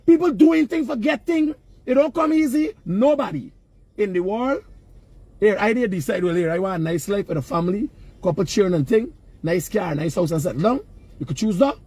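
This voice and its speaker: A high-pitched man with a Guyanese accent lectures emphatically in casual street talk. His voice has a husky edge. He speaks outdoors, sliding into Creole phrasing as he pushes his point. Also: animated, fairly quick, a little mellow, dry recording. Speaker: vlogger. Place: outdoors near work sites.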